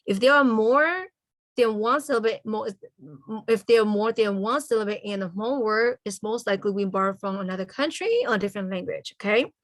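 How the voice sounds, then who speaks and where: A woman teaching a language lesson over a video call. Her voice sits at an ordinary middle pitch, and the sound is dry and close with no room around it. She spells things out slowly and keeps checking in with "okay?" after each point. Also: dry recording. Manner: slow, careful spelling-out of letters and sounds.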